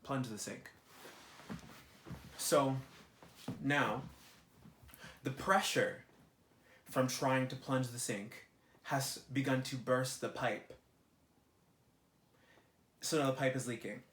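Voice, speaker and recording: A young man, ranting in a vlog, animated and exasperated, swearing a lot. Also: mid-range voice, slow, long pauses. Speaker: vlogger. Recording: roomy echo.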